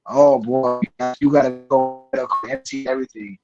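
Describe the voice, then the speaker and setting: A man's voice: mid-range voice, flat delivery, moderate pace, highs cut off, over music. A man on a casual podcast chat, handing out travel advice chattily and restarting his sentences often.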